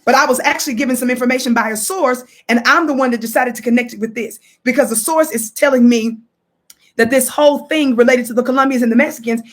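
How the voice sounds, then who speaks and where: Woman livestream host, fairly high voice, emphatic, talks straight to viewers, reads quotes aloud. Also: quick pace. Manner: emphatic, addresses viewers directly, repeats key quotes. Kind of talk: live commentary reading from a book.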